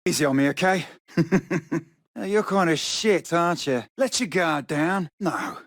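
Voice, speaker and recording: Brawler, British accent, young punk, brash, taunting, bouncy pitch, dry sound. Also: male voice, animated, takes it slowly, a bit bright, no echo, full character voice. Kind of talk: fighting game voice lines.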